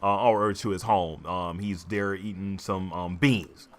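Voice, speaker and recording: Man co-hosting a podcast, low voice, halting, lots of ums. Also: fairly even intonation. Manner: halting, many ums and restarts. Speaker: podcast co-host. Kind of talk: casual chat.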